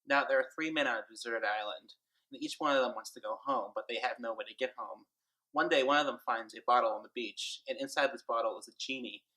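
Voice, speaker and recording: A man telling a genie joke to the camera in a lively storytelling way. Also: mid-range voice, quick pace, low-quality recording.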